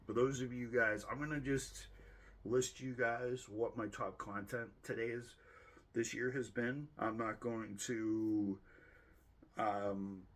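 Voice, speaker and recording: Speaking slowly with a medium pitch and fairly even intonation, a channel host from Boston, United States, gives a casual year-end review of his viewer stats. He rambles, jokes around and keeps correcting himself, all in his Boston accent.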